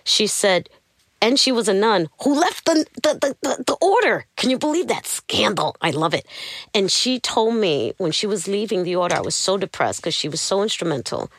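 A middle-aged woman telling her personal story in an interview, animated and acting out the people she quotes. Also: medium pitch, normal speed, husky, no room sound. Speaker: interview guest.

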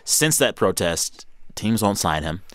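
A man's voice: sits low, unhurried, no room sound, studio quality. A man hosting a casual news podcast, reading quotes aloud and joking with his co-hosts. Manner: animated, playful, reads quotes aloud. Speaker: podcast host.

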